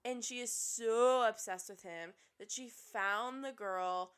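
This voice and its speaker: A young woman co-hosting a podcast, recapping reality TV in a gossipy, animated way and swearing freely. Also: fairly high pitch, slow, clean tone. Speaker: podcast co-host. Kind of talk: casual reality-TV recap chat.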